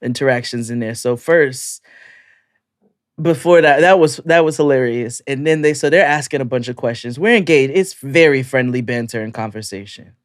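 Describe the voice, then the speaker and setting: A man's voice: medium pitch, moderate pace, no echo, studio quality. A man co-hosting a podcast, telling stories in casual chat and laughing often through them. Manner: storytelling, laughing often through his own anecdotes. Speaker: podcast co-host.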